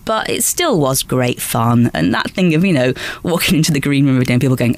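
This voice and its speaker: A woman in her forties from Lancashire, England, telling lively stories in an interview as a guest actress, often restarting sentences. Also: sits low, fairly quick, few pauses. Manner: lively anecdotal storytelling, frequent restarts and small laughs. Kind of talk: chatty interview answers.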